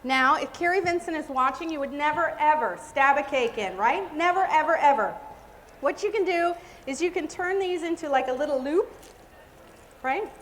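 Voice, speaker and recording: A woman's voice: high voice, moderate pace, a bit bright. A woman giving a live cake decorating demonstration, chatty and exclamatory. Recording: reverberant hall with faint noise.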